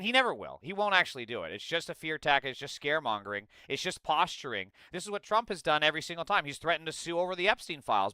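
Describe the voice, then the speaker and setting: Sarcastic, bright-voiced male streamer ranting. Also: a little high, smooth, dry recording. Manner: mocking impressions in a goofy voice. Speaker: political streamer. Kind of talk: live-stream commentary, reading chat.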